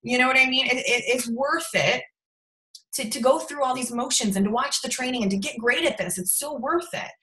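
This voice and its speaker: A young woman leading a casual sales training over a video call, chatty and animated, with lots of fillers and laughter. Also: fairly quick, roomy sound. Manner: acts out quoted voices with big pitch jumps. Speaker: sales team leader training her team.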